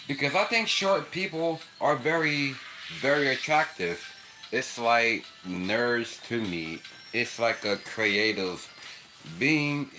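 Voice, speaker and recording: A man's voice: fairly low pitch, pushed and bright. A young man rambling and laughing in a casual livestream chat with a child nearby. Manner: rambling, repetitive, laughs often. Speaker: livestream host.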